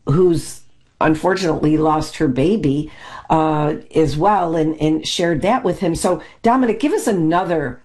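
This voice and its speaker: A woman hosting a faith talk show, introducing her guest in a slow, halting way. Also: low voice, mellow. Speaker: host.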